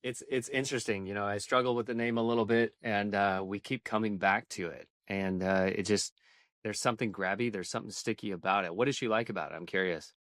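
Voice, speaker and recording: A man's voice: on the low side, steady tone, a little fast, a bit bright, no echo, studio quality. A man hosting a podcast in a casual interview chat, easygoing and joking now and then. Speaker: podcast host.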